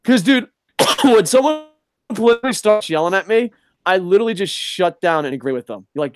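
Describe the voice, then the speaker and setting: A young adult man hosting a casual chat show, ranting in an animated, profane way. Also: sits high, fairly quick, no echo, studio quality. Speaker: podcast host.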